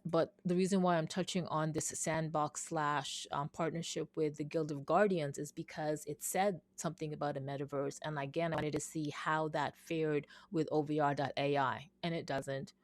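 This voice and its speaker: A woman's voice: low-pitched, darkish tone, no echo. A woman talking casually in a vlog, thinking aloud, rambling and reading things off her screen. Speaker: vlogger.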